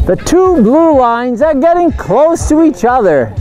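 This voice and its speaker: Male commentator, slow and animated, talking over music. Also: very high voice, poor audio. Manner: explanatory and unhurried. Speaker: video narrator and commentator. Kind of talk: live event commentary.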